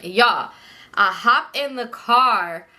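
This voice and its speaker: A young woman telling a casual storytime to her viewers, animated and profane, acting out every bit of dialogue. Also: on the high side, extremely slow. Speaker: storytime YouTuber.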